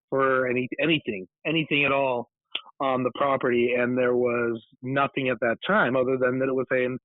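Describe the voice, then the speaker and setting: The speaker is a man from California with a mid-range voice, heard on a dry, tinny phone-style connection. A guest author and paranormal investigator, he's in a relaxed interview telling a long, rambling story. He keeps digressing and starting his sentences over.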